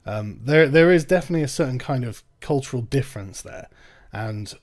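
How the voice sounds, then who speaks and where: A man's voice: mid-range voice, expressive, fairly quick, a little mellow. A young English man giving casual, sarcastic commentary on an article he reads out, swearing and laughing now and then. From England. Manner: sarcastic, swearing, breaks into mocking put-on voices and laughs. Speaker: commentary channel host.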